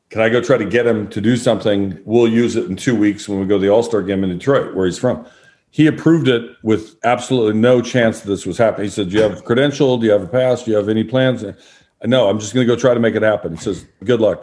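Lower-voiced man telling long stories. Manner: relaxed anecdotal storytelling with voiced quotes. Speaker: guest, former sports broadcaster. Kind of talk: storytelling in a podcast interview.

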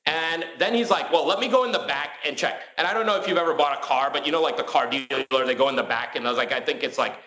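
A man telling his story as a guest in a casual interview. He talks in a rapid, filler-heavy way and acts out the dialogue he quotes. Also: fairly high pitch, bright, forceful tone, echoey room, low-quality recording.

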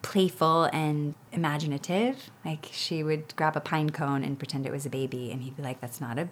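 Woman in her 30s, slightly low voice, animated storyteller, laughs a lot. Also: normal speed. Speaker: guest parent. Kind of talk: casual interview chat.

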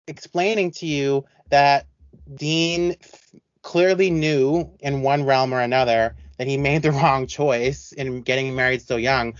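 A man co-hosting a podcast in casual chat, talking in an animated, rambling way with many restarts. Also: mid-range voice, no room sound, lo-fi sound. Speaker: podcast co-host.

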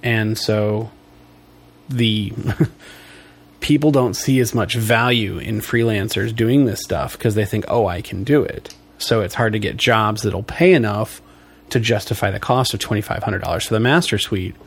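A man co-hosting a podcast in casual chat, relaxed, filling in and correcting details and sometimes trailing off mid-sentence. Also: on the low side, a little slow, husky. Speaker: podcast co-host.

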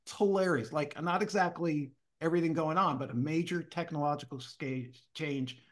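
With a slightly high voice and a moderate pace, a man guesting on an interview show shares a casual, spirited story. He brings it to life by acting out what each person said.

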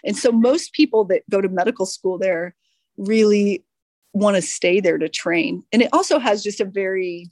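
Lively, laughing woman surgeon guest. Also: mid-range voice, moderate pace, no echo, clean studio sound. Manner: lively storyteller, laughs often. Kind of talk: podcast interview.

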